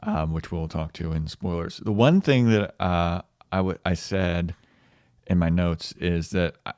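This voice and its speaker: A man co-hosting a movie review podcast in casual chat, relaxed, laughing often, with many fillers. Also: low-pitched, unhurried, clear, resonant tone, no echo, studio quality. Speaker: podcast co-host.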